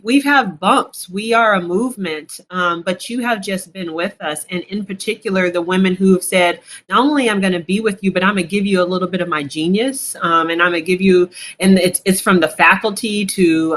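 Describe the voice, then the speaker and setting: A woman co-hosting over a video call, giving an earnest, flowing speech of thanks with many pauses. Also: lowish voice, bright, forceful tone, poor audio. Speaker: co-host.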